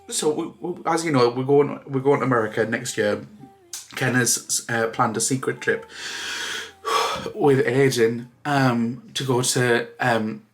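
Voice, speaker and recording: A man talking through tears in a casual vlog, halting and restarting with many fillers as he thanks friends. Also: mid-range voice, a bit bright. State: crying. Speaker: vlogger.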